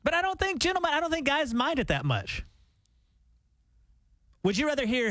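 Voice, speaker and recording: A man co-hosting a morning radio show, chatting casually and telling animated stories. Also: very high voice, normal speed, pauses often, no room sound.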